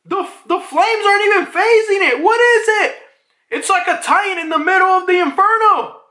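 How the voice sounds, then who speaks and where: Guy putting on a panicked young marine, high strained yelling, frantic, roomy echo. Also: moderate pace.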